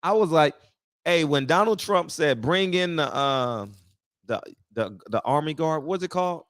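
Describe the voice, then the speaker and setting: A man's voice: on the high side, animated, measured pace, a bit bright, no room sound, studio quality. A man hosting a casual talk show, speaking bluntly and profanely, often laughing at his own jokes. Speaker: podcast host.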